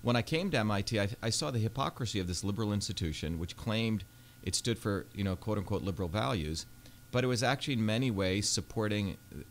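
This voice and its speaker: Guest spot: man in his 50s, deep-ish voice, earnest storyteller, faint background hiss. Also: fast talker. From India. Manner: earnest, fluent storytelling with frequent fillers. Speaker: Senate candidate, guest. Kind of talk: radio interview. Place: radio studio.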